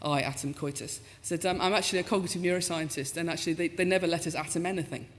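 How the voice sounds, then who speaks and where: A woman in her fifties giving a talk as a professor, telling stories in a lively, self-mocking way and acting out the voices she quotes. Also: lowish voice, fast. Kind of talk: storytelling talk with comic asides. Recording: lecture hall with long reverb.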